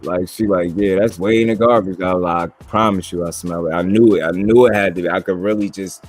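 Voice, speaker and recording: A man's voice: sits low, fairly even intonation, brisk, faint music behind. A young man co-hosting a casual talk show, telling loose, slangy stories full of profanity. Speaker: podcast co-host. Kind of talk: casual chat.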